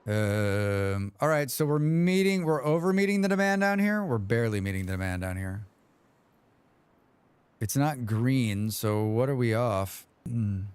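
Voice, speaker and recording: A man's voice: medium pitch, animated, unhurried, smooth, no echo. A man streaming a game live, chatting loosely with his viewers, humming to himself between comments. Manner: rambling, humming to himself, reading chat aloud. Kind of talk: casual live-stream chat.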